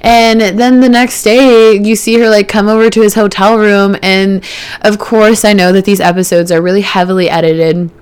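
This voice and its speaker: A young woman in her early twenties talks through her week on her own podcast. Her voice is smooth and clear, and she rambles casually with lots of filler words. She turns animated when she recounts drama. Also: medium pitch, normal speed. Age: early 20s. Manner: chatty, heavy on fillers, gets animated retelling drama. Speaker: podcast host. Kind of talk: casual solo podcast chat.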